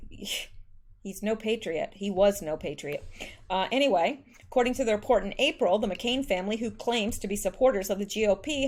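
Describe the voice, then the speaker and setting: A woman hosts her own news commentary channel, reading articles aloud at a middling pitch. She breaks off often with scornful, sarcastic remarks and stumbles through fillers and restarts. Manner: sarcastic, scornful asides between read quotes, many fillers. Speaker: political commentary channel host.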